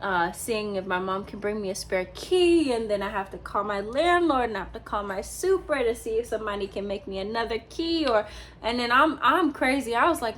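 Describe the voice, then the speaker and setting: A woman's voice: on the high side, animated, moderate pace, fairly bright tone, a little hiss or hum. A young woman, a teacher, telling a personal story in a casual, rambling vlog style, with many fillers and restarts.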